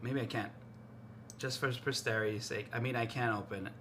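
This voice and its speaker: A man chatting casually to his stream while cooking in his kitchen, excitable and rambling, often repeating himself. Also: mid-range voice, fairly quick, noisy background. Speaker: live streamer. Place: home kitchen.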